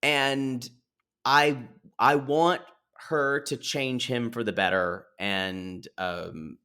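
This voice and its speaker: A man's voice: medium pitch, fairly even intonation, very slow, pushed and bright, clear, resonant tone. Chatty man retelling a reality show. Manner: chatty storyteller, acts out quotes, many fillers. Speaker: podcast co-host. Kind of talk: casual chat recapping a reality show.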